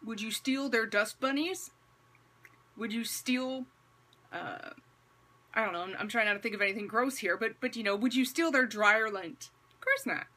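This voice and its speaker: A woman with a husky, slightly breathy voice delivers casual commentary to her viewers. She keeps it wry and conversational, stacking rhetorical questions and dry, sarcastic asides around a religious point. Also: fairly high pitch, moderate pace, sharp tone. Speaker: vlogger.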